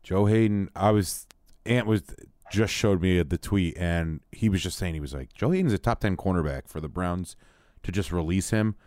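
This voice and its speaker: A man's voice: sits low, moderate pace, darkish tone, no echo, clean studio sound. A man who produces and co-hosts a casual talk show, joking and firing back playfully. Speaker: producer and co-host. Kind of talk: casual sports and wrestling chat.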